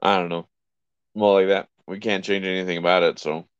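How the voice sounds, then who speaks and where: A man's voice: low-pitched, flat delivery, a little fast, clear, resonant tone. A man co-hosting a casual podcast, laid-back and blunt, swearing casually. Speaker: podcast co-host. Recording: slightly dull, lo-fi sound.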